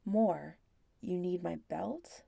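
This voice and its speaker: A woman voicing a stern, gruff man who speaks low, firm and hushed. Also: very slow, dry recording, full character voice. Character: stern older man, gruff but caring.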